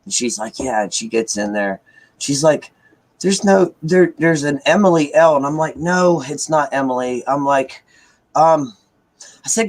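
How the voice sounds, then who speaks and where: A man's voice: medium pitch, moderate pace, low-quality recording. A man talks through a long personal story at an easy pace. He rambles with lots of fillers and slips into the voices of the people he quotes. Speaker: caller sharing news. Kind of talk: casual storytelling chat.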